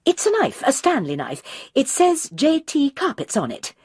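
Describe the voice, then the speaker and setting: Woman doing an earnest, high-voiced lady caller. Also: wildly swooping pitch, normal speed, a little mellow, no echo, studio quality, full character voice. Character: earnest older woman, novice detective.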